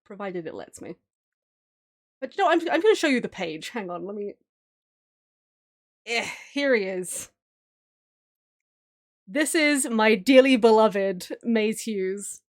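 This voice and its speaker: A woman's voice: mid-range voice, expressive, slow, pauses often. A woman streamer chatting casually while drawing, gushing and giggling often. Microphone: streaming mic.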